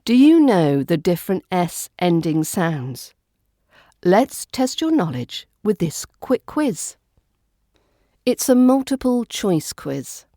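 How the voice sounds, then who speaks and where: A woman with a British RP accent teaching pronunciation in a podcast lesson, saying each sound slowly and carefully. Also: fairly low pitch, big pitch swings, dark tone, dry recording, studio quality. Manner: slow, careful enunciation of single sounds. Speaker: accent coach.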